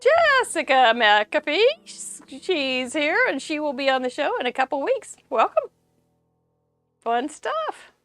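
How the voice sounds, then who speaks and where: Lively high-voiced woman hosting a live show. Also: slow, no echo, faint music behind. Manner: chatty, bubbly, laughs often. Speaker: host of a live crafting show. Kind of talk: live-stream chat greeting viewers.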